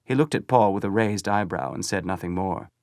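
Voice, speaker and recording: A man reading a novel aloud as an audiobook narrator, measured and steady. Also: low voice, no room sound, clean studio sound. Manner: measured storytelling. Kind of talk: scripted narration.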